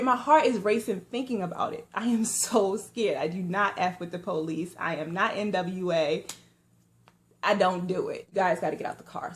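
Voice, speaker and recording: A young adult woman vlogger telling a story to her viewers in slangy, animated, conversational talk, with lively asides. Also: medium pitch. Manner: animated storytelling with lively asides and sudden hushed or loud turns. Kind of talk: casual storytime vlog.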